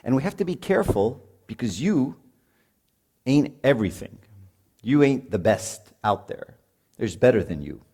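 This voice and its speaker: A man's voice: mid-range voice, sing-song, normal speed, pauses often, mellow, slightly rough. A middle-aged man giving a joking, conversational talk at a marriage retreat and putting questions to his audience. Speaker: retreat speaker.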